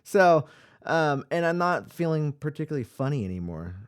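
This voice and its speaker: A man's voice: a little high, sing-song, normal speed, smooth. A man hosting a home-made radio podcast, talking in a tired, rambling way with many ums and restarts. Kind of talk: casual rambling chat.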